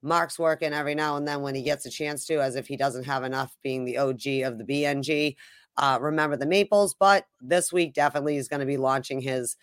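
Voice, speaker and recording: A woman's voice: rumbling low, steady tone, a little fast, no echo, clean studio sound. A woman co-hosting a sports podcast in casual chat, chatty and teasing, with fillers. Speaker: podcast co-host.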